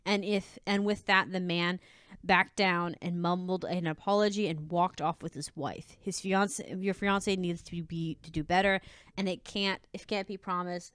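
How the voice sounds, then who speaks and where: A woman's voice: lowish voice, clean tone, no room sound. A woman reading and commenting on advice posts in a casual, sassy, chatty way, with frequent restarts and asides. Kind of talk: casual commentary on reader stories.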